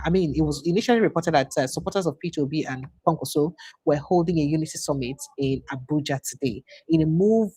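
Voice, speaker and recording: A woman's voice: deep voice, breathy edge, dry recording. A Nigerian woman hosting a casual livestream commentary, chatty and switching between English and Pidgin.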